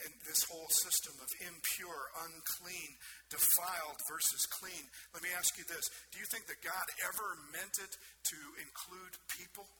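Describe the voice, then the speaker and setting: A man's voice: fairly high pitch, bright, forceful tone, poor audio. A man preaching a sermon in an earnest way, putting questions to his listeners. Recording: noticeable background noise.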